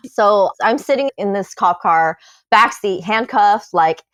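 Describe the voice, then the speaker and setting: A woman on a podcast telling her own story in casual chat, animated and swearing, acting out what people said. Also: medium pitch, measured pace, no echo. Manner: animated, swearing, acts out quotes.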